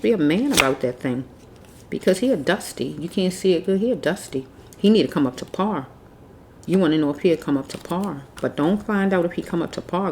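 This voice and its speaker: A woman's voice: lowish voice, animated, a little fast, a little mellow, slight background noise. A woman giving a casual tarot reading, blunt and preachy, repeating herself as she scolds. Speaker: tarot reader.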